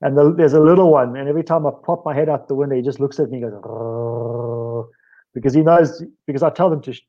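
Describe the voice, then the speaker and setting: This South African man, a guest speaker on stretching, talks rapid-fire in a voice on the high side, and the recording from his home office sounds muffled. His story wanders casually, full of self-corrections and frequent laughter.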